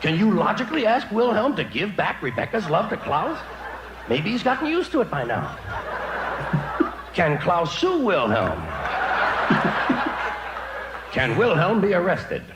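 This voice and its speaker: Male stand-up comic, wry and sardonic, raised pitch, live stage recording. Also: huge pitch swings, slow pace, long pauses, noisy background. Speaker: stand-up comedian. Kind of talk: stand-up comedy routine. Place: stage before a laughing audience.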